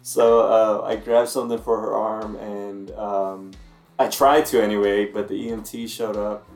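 Calm, halting man in an echoey room. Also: fairly low pitch, faint music behind. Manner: halting, full of restarts, calm. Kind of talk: casual conversational chat.

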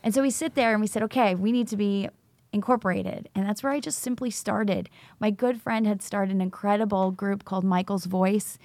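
A woman's voice: medium pitch, steady tone, fairly quick, darkish tone, no room sound. A middle-aged woman, a teacher, telling her story in an interview and acting out the dialogue as she goes. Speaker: teacher, recovery school founder.

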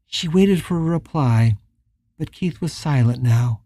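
An audiobook narrator giving a calm, measured reading of a novel. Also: mid-range voice, no echo, clean studio sound. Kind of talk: scripted narration.

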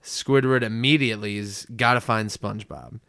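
Smooth-voiced man recapping a cartoon. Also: on the low side, moderate pace, no echo, clean studio sound. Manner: relaxed, chatty, acts out quotes. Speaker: podcast host. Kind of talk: casual episode recap.

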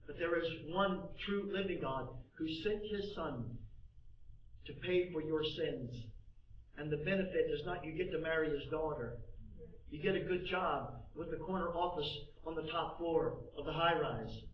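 Brief: male pastor, high voice, impassioned sermon, distant mic with a dull, muffled sound. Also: normal speed, reverberant, slight background noise. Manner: impassioned, swings between soft asides and loud emphatic bursts.

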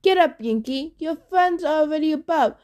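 A woman voicing a gruff, commanding undead ship captain in an audiobook, barking orders. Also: sits high, animated, moderate pace, a little mellow, voice pushed up.

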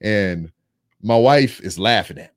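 Animated, foul-mouthed man telling a story. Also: lowish voice, slow pace. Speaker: podcast co-host. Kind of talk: casual chat.

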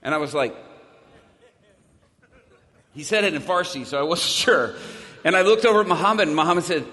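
Bright-voiced man telling a dramatic story. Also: a little high, fairly quick, long reverb tail. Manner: acts out the dialogue he quotes, with sudden shouts. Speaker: speaker telling his own story to an audience.

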